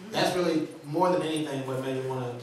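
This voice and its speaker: A man doing a stand-up comedy set, telling stories in an animated, laughing way with voiced impressions, on a small studio stage. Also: on the high side, fast talker. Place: small TV studio with a live audience. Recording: echoey room from far off with a loud crowd.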